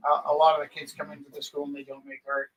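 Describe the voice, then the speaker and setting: A man's voice: a little high, completely flat delivery, fast talker, a bit bright, poor audio. Rambling male auction host. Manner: rambling, storytelling with filler words. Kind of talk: casual live-stream chat.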